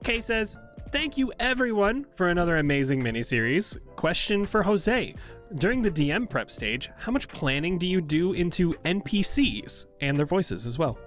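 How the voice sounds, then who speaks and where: A man's voice: sits high, very animated, normal speed, faint music behind. Male podcast host reading listener questions. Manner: friendly, thanks the cast warmly.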